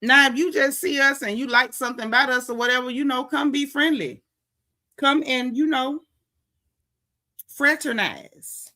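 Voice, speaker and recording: A woman with an African American English accent hosting a gossip commentary stream, talking in a sassy, indignant, animated way. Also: high-pitched, a little fast. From United States. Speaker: gossip show host. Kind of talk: casual commentary livestream.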